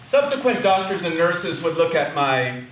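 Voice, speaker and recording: A man's voice: on the high side, very animated, moderate pace, fairly bright tone, slight background noise. A man telling a personal story on stage, with wry, self-mocking humor. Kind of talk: live personal storytelling performance. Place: theater stage. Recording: roomy, distant stage recording.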